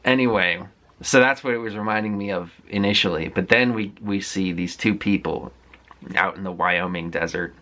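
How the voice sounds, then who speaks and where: A man's voice: deep voice, moderate pace, pushed and bright. A man casually recapping a film he watched, rambling with frequent fillers and restarts in a candid, conversational way. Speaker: movie vlogger.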